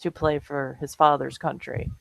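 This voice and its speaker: A woman's voice: very deep voice, little pitch movement, moderate pace, gravelly, no room sound, low-quality recording. A woman co-hosting a comedic chat show, laughing often as she talks. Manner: giggly, laughs often while talking. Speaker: co-host.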